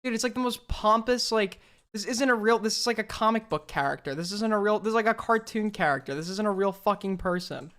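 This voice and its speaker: A man hosting a casual reaction commentary, sarcastic and animated, swearing freely. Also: high voice, a little fast, smooth. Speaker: commentary host.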